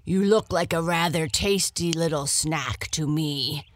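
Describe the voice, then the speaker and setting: A woman's voice: deep voice, measured pace, slight background noise. A woman voicing a big, hungry male lion in a bedtime storybook, growling and bossy. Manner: growling and forceful.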